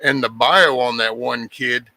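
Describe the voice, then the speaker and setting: Male host, casual talk, rambling delivery, very bright tone. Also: mid-range voice, measured pace. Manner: rambling, restarts sentences, swears casually. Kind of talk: casual chat.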